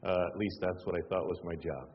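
A man's voice: sits low, brisk, breathy edge. A middle-aged man preaching a sermon, telling family stories in a conversational, self-deprecating way and often repeating words for emphasis. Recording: dull sound with long hall reverb.

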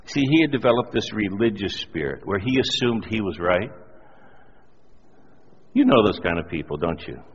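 Husky preacher telling a story in a hall. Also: male voice, fairly low pitch, moderate pace, pauses often. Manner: animated storyteller, self-deprecating humor. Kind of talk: sermon with personal story. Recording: dull lo-fi audio in a reverberant hall.

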